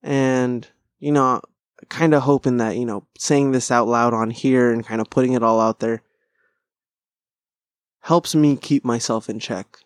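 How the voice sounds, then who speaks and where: A man's voice: mid-range voice, no echo, clean studio sound. Profane, rambling male podcast host. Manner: rambling, profane, self-deprecating. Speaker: podcast host and stand-up comic. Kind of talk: casual solo podcast chat.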